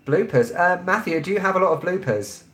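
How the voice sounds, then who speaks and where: A man in his thirties with a London accent, chatting bluntly and loosely on a travel live stream, pausing often with ums. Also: high-pitched, expressive, fairly bright tone, echoey room, faint music behind, low-quality recording. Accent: London English. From England. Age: 30s. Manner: rambling and blunt, heavy with ums. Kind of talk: casual live-stream chat.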